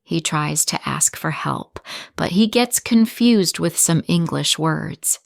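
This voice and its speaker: A woman English teacher narrating a story slowly and clearly, with careful articulation for learners. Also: deep voice, expressive, no echo, clean studio sound. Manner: slow, deliberate, carefully articulated.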